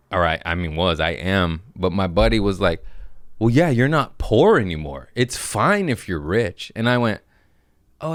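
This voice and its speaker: A man's voice: low-pitched, no echo, clean studio sound. A man in his thirties hosting a podcast, rambling from topic to topic in casual chat and acting out little voices. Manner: jumps between topics, acts out voices. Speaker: podcast host, comedian.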